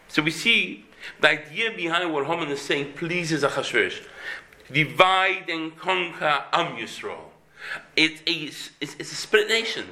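Animated bright-voiced man teaching. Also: moderate pace. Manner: animated, emphatic, with sudden rises in pitch. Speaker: Torah teacher. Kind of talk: Torah class.

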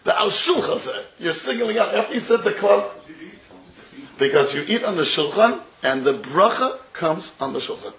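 A man, his voice sitting fairly high for a man, lectures on Talmud to a room of listeners. He keeps chuckling as he argues and slows right down to lay out each quoted phrase. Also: expressive, gravelly, a bit bright, a little hiss or hum, poor audio. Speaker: Torah teacher. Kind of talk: Talmudic lecture to a live audience.

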